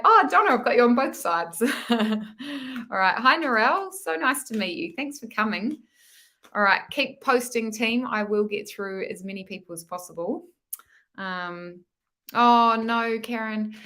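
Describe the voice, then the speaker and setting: A woman's voice: mid-range voice, sharp tone. A woman hosting a live-stream tarot reading, who chats affectionately with viewers, calls them "my love" and often ends lines with "hey?".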